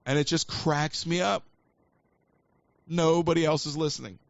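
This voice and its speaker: A man's voice: a little high, fairly even intonation, normal speed, vocal fry, no room sound. Rambling male call-in host, dry and dull. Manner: rambling, self-mocking, chatty. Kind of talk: live call-in chat. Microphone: livestream mic.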